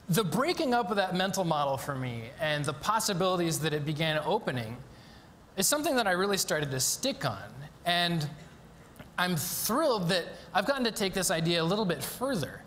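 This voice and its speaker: An eager man explains his work from a lecture stage, his somewhat high voice full of ums and quick restarts. His voice rings through a long hall reverb, over faint background noise. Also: lively intonation, a bit bright, a faint crowd. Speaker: conference speaker. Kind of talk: live stage talk explaining a demonstration.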